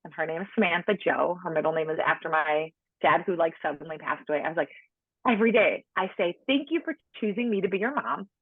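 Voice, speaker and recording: A lowish, slightly rough female voice speaks fast on a dry, tinny phone line. In her late thirties, she's a podcast guest telling a personal story in conversation, chatty, peppered with "like," and acting out whoever she quotes.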